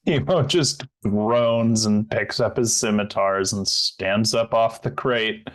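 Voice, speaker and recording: A man's voice: lowish voice, slow, hardly any pauses. A man playing a tabletop game, describing his character plainly. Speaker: player. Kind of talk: casual game chat.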